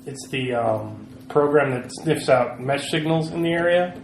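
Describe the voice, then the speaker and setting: A man's voice: fairly high pitch, measured pace, gravelly, a little hiss or hum. Eager male tabletop player. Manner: eager, planning, asks questions. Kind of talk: tabletop game chat. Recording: echoey room.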